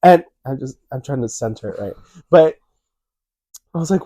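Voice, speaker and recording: A young man co-hosting a casual chat, telling stories with animated, acted-out quotes. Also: mid-range voice, moderate pace, dry recording. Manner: animated, acts out quotes in a raised voice. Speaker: co-host.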